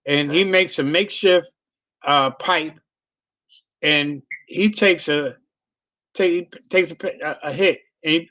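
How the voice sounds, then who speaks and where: Profane, rambling comedian with a dry close sound. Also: male voice, fairly high pitch, sharp tone, no room sound. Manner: profane, rambling, laughing storyteller. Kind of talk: casual storytelling on a video call.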